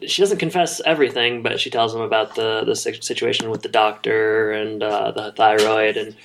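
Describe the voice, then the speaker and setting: A man with a gravelly, creaky voice talks through a sitcom episode on a podcast. He speaks in a relaxed, unhurried way, pausing often with fillers as he recaps each scene. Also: fairly low pitch, a little hiss or hum. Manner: relaxed, hesitant with many fillers. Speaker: podcast co-host.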